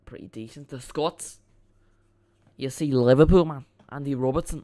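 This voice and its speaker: A man's voice: mid-range voice, moderate pace, warm tone. A man hosting a live football watchalong stream, chatting casually and rambling as he reacts to the chat and the match.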